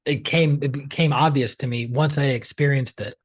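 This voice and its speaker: A man, a healer, telling his story as an interview guest in a chatty, animated way, often using "like" and acting out what others said. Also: medium pitch, moderate pace, breathy edge, no room sound. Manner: chatty and animated, acts out quoted dialogue, many "like" fillers. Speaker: pranic healer, podcast guest.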